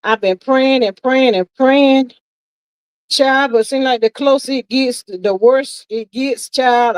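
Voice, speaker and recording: A woman's voice: high-pitched, takes it slowly, clean tone, no room sound, rough recording. A woman hosting a livestream, reading viewer comments aloud and reacting with emphatic, exasperated commentary. She sighs often and keeps calling her listeners "child" and "y'all".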